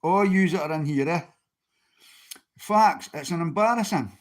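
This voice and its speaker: A man's voice: fairly high pitch, normal speed. A Scottish man on a livestream, talking bluntly and swearing often as he answers people in his chat.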